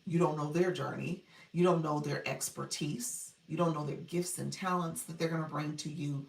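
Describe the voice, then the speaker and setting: On a casual live stream, a middle-aged woman coaches from her home, reading viewers' comments aloud and laughing often while a child can be heard in the background. Her low voice has vocal fry and fairly even intonation at a moderate pace. She sits far from the mic, so the livestream audio sounds roomy.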